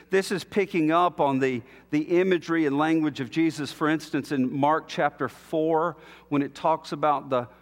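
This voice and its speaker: High-voiced man preaching slowly in a reverberant hall. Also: a bit bright. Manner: measured, emphatic preaching with long pauses. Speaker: pastor. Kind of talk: sermon.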